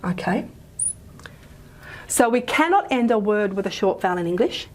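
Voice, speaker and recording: In a recorded phonetics lecture, a woman explains things patiently, using many fillers and frequently checking with "okay?" Her voice is medium-pitched and expressive with a darkish tone, at normal speed.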